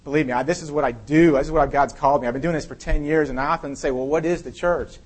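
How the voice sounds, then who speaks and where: A man's voice: fairly high pitch, steady tone, very fast. A male pastor giving a sermon that includes a scripture reading and a prayer, speaking in a candid, conversational way and thinking aloud with frequent restarts.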